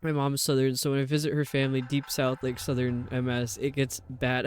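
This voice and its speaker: A man's voice: medium pitch, completely flat delivery, brisk, slight background noise. A man live-streaming a video game, rambling to his viewers as he puzzles over the level. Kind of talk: casual live-stream chat while gaming.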